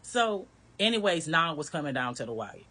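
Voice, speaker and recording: A woman's voice: sits low, big pitch swings, normal speed, sharp tone, slightly rough. A woman candidly telling her own story in a casual, blunt way, with some swearing. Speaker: storyteller recounting her marriage.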